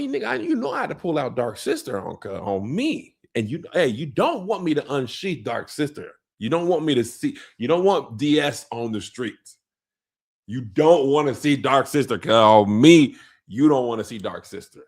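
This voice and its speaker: Gravelly man with a lively, animated delivery. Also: mid-range voice. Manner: animated, slangy storytelling with playful voices for characters. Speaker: show recap host. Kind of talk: comedic TV episode recap.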